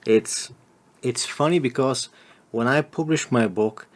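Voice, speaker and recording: A man's voice: mid-range voice, measured pace. A man in casual podcast chat, rambling and crude, laughing often. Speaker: podcast host.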